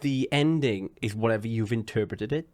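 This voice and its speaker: A man's voice: medium pitch, normal speed, a little mellow, no echo. A man hosting a podcast in casual chat, playful and laughing often at his own jokes. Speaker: podcast host.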